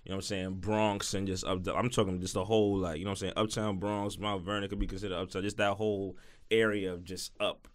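A young man, talking in a loose, slangy way and dropping into bits of song. His voice sits on the low side. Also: little pitch movement, quick pace. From New York. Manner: laid-back slangy talk, breaks into snatches of song. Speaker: musician guest. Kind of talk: casual interview banter.

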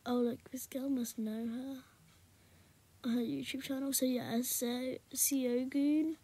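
Hushed, breathy British gamer girl. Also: sits high, fairly even intonation, slow. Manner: often speaks in a hushed half-whisper; rambling and chatty, talking to viewers. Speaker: gaming YouTuber. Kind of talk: casual gameplay commentary.

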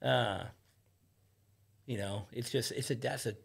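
Speaking at a measured pace with medium pitch, vocal fry, and a breathy edge, a man chats as a podcast guest in a studio. His storytelling is loose, peppered with free swearing and acted-out quotes.

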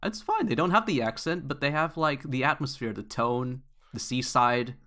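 A man's voice: mid-range voice, moderate pace, bright, forceful tone. A man co-hosting a casual podcast, laid-back and asking questions. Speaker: podcast co-host.

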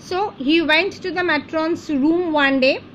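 A woman's voice: very high-pitched, unhurried, fairly bright tone, dull audio, a little hiss or hum. A woman teacher, reading a chapter aloud and explaining word meanings as she goes. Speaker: English teacher.

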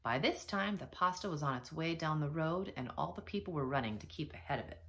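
Low-voiced, lively teacher reading aloud. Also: female voice, brisk. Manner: expressive, gentle, speaking to children. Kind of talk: storybook read-aloud.

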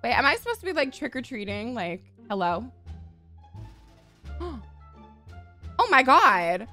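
Sassy gamer girl, high bright voice swinging all over, cursing and gasping, faint game music behind. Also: unhurried. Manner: sassy, profane and excitable, frequent gasps. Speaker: gaming YouTuber. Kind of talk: gameplay commentary.

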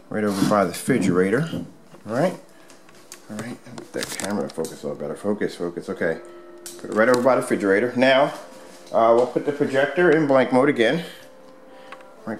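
A man casually demonstrating a product at home, rambling with many fillers and restarts. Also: mid-range voice. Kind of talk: casual product demo vlog. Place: home room with squeaky floors.

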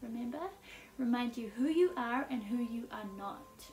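Tarot lady rambling along, laughs a lot, kinda high voice, roomy echo and mic a bit far off. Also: moderate pace, darkish tone, soft background music. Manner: chatty, laughs often, many "like" fillers. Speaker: tarot reader. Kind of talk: casual intuitive tarot reading. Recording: echoey room, mic at a distance.

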